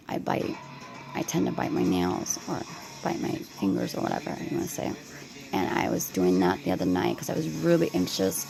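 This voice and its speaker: A tired, anxious woman rambles to her camera at home in a late-night vlog, stopping and restarting her sentences. Her voice sits low, with a heavy gravelly fry, and it swings widely in pitch. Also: poor audio. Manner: halting, stammering, many fillers and restarts. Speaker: vlogger.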